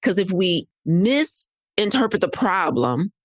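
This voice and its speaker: A woman's voice: medium pitch, sing-song, slow, dry recording, studio quality. A woman podcast host, coaching listeners in a conversational way and often checking in with "right?". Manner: conversational, repeats key points, often asks "right?". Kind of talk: solo podcast teaching.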